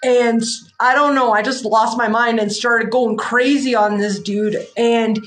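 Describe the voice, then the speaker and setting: A woman in her forties, a psychic livestream host, telling a story in a frank, rambling, animated way with slang. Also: on the high side, a little slow. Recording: echoey room.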